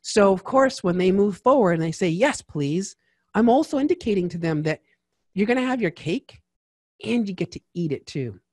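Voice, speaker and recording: A man talking as a tax strategist guest in a casual interview, lively and chatty with lots of asides. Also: high voice, moderate pace, no room sound, studio quality.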